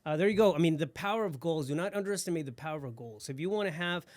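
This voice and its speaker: A man's voice: fairly high pitch, expressive, very fast, no room sound. Upbeat man hosting a motivational podcast. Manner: upbeat, motivational sign-offs. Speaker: podcast host. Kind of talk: casual podcast chat.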